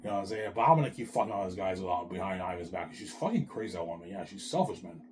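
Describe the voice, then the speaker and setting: A man in a rambling monologue, repeating himself, swearing and jumping between quiet mumbles and loud outbursts. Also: sits low, animated, very fast. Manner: repetitive, restarts, keeps saying "man"; profane, agitated swings in loudness.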